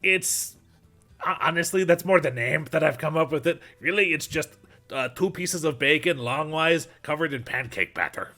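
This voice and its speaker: A man's voice: a little high, animated, moderate pace, sharp tone, soft background music. A man playing a stammering cart vendor. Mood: flustered. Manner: hesitant, stumbling over words. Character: stammering male street-food cart vendor.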